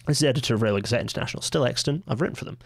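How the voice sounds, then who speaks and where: A man hosts a casual livestreamed podcast, wandering through asides and correcting himself as he goes. His voice is gravelly with a middling pitch. The recording is dry and close. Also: very fast, no echo. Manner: rambling, self-correcting, full of fillers and asides. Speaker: podcast host.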